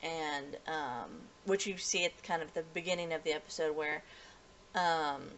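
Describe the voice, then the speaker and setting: A woman's voice: sits low, a little slow, a bit bright, a little hiss or hum. A woman casually recapping an anime episode as a reviewer, rambling and restarting sentences with many fillers.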